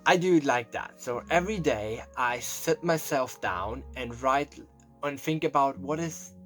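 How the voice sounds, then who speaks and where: Young man, confessional vlog monologue, emotional and rambling, near tears, soft music underneath. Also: medium pitch, unhurried. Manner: rambling and emotional, heavy on fillers and swearing. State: close to tears. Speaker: vlogger. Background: faint background music.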